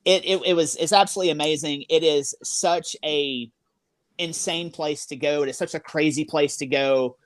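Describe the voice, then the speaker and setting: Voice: medium pitch, steady tone, normal speed, no room sound. A paranormal investigator guest telling a ghost story in a podcast interview with awe, many fillers and restarts. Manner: filler-heavy, awed storytelling.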